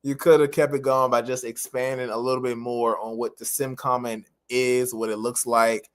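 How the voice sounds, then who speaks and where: A man's voice: mid-range voice, level tone, normal speed. A man coaching interpreters in a live-stream feedback lesson. He explains things patiently and encouragingly, repeating his key phrases.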